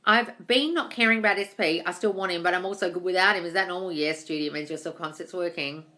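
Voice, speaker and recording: Female live-stream host: bright, forceful tone, blunt and sweary, reads chat aloud, calls viewers darling. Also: on the low side, fast talker. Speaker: manifestation coach answering live chat questions.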